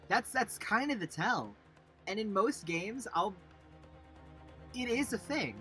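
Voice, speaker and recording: A man's voice: sits high, animated, slow, bright, forceful tone. A man streaming a story game, chatting with amused asides between lines of dialogue. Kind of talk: let's play commentary. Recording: game music behind.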